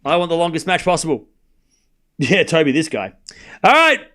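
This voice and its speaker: High-voiced man calling tennis live. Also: very animated, pushed and bright. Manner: chatty, banters with viewers, quick score calls. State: up late at night. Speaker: livestream tennis commentator. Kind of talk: casual play-by-play commentary and chat replies.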